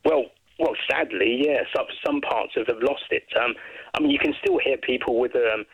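A man from Brighton, England, a guest chatting casually and rambling through his memories. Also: medium pitch, huge pitch swings, moderate pace, gravelly, breathy edge, dry recording, poor audio. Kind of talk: casual chat.

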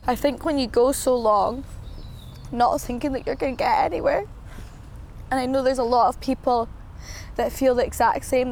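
A woman's voice: high-pitched, creaky, darkish tone, a little hiss or hum. A young woman in her twenties speaking in a recorded interview, earnest and reflective. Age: 20s.

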